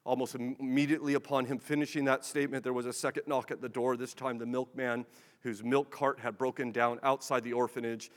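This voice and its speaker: A man's voice: medium pitch, flat delivery, fairly quick, in a large hall. A man preaching a sermon in a conversational, humorous way, acting out bits of dialogue.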